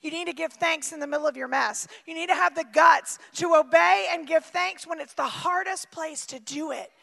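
A woman preaching a sermon with emphatic swings from shouting to near-quiet. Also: very high voice, normal speed, creaky, long reverb tail.

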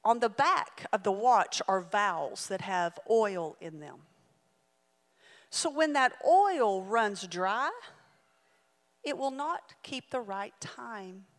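A woman voicing a matter-of-fact male jeweler in a sermon, speaking lower and patiently explaining. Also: very animated, takes it slowly, long reverb tail.

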